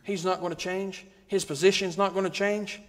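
Male preacher, high voice, rhythmic repeated refrains, long church reverb. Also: steady tone, normal speed. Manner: rhythmic, repetitive preaching with rising emphasis. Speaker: guest preacher. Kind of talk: sermon. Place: church sanctuary.

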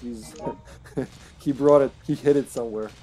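A man's voice: medium pitch, over music. A man streaming a survival horror game online, chatting casually and animatedly while he plays, with some swearing. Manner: animated, swears, puts on quick voices. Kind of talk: casual gaming chat.

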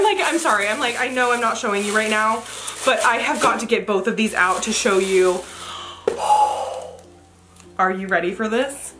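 A woman vlogger unboxing a haul, gushing with excitement and breaking into gasps and exclamations. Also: mid-range voice.

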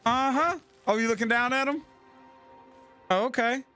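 A man hosting a let's play, talking loudly and profanely in casual gaming commentary. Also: very high voice, moderate pace, soft background music. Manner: loud, profane, frequent shouting and laughter.

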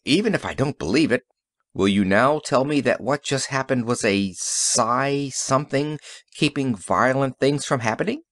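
A man voicing a weary middle-aged police sergeant in an audiobook, speaking in a gruff, rueful, somewhat lower voice. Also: moderate pace, a bit bright, dry recording, studio quality, lightly acted. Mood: dazed. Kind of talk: audiobook character reading.

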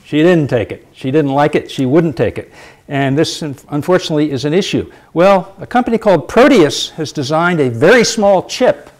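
Man, middle-aged, public lecture, emphatic, repeats points, slightly high voice. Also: animated, normal speed.

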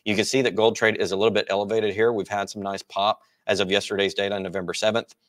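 A man's voice: lowish voice, flat delivery, quick pace. A man hosting a market report, explaining charts in a casual, explanatory way. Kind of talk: financial market commentary.

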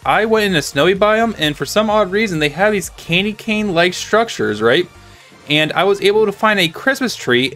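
A man with a slightly high, fairly bright voice hosts a channel and casually commentates his own gameplay in a let's-play style, rambling and chatty with plenty of filler words and restarts.

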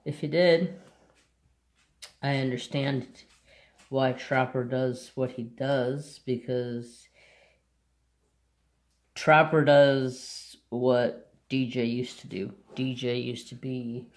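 A man who hosts a crafts channel, casually chatting and rambling about his dogs in an unhurried way. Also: medium pitch, steady tone. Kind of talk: casual chat.

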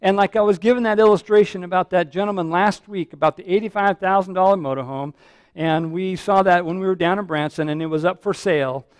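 A man's voice: high voice, fairly even intonation, fairly quick, clear, resonant tone, no echo, clean studio sound. A man preaching a sermon as pastor, earnest and repetitive, often restarting his phrases.

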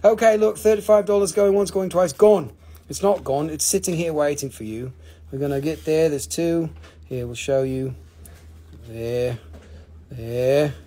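A man's voice: a little high, unhurried, mellow. A man hosting a live rock auction, chatting casually with joking, playful salesman patter. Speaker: host selling rocks in a live auction.

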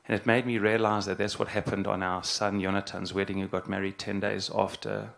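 A middle-aged man, a rabbi, giving an earnest, halting spoken address and repeating phrases for emphasis. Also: fairly low pitch, level tone, gravelly, a bit bright.

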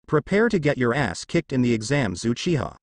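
A man's voice: mid-range voice, very animated, brisk, dry recording, lightly acted. A man voicing a cold, taunting young ninja. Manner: taunting and mocking.

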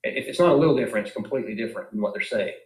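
A man's voice: lowish voice, lively intonation, very fast. A man giving an informal philosophy lecture in an emphatic way, asking his class many rhetorical questions. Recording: echoey room.

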